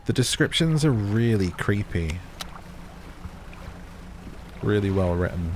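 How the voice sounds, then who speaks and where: A man's voice: on the low side, lively intonation, slow pace, long pauses, a little hiss or hum. A man casually commenting on a game as he plays, chatting to his viewers and reacting with sudden startled outbursts. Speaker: gaming channel host. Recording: game sounds loud behind voice.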